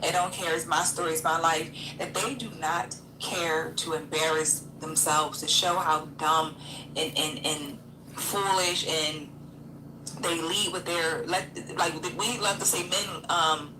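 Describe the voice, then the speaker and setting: A woman's voice: sits low, unhurried. A woman co-hosting a reaction video, questioning and blunt in casual commentary. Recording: roomy room with background noise.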